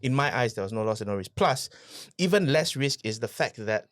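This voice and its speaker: In a relaxed interview, a male podcast guest recounts his business story with real animation, circling back to the same phrases and tossing out rhetorical questions. His voice sits in the mid range and moves fairly quickly. The recording is dry and studio quality.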